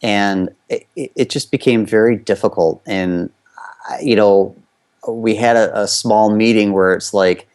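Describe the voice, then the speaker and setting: A man's voice: on the low side, steady tone, measured pace, a little mellow. A man from the United States, an interview guest and former competitive skater, telling a candid personal story in loose, conversational run-on sentences full of fillers.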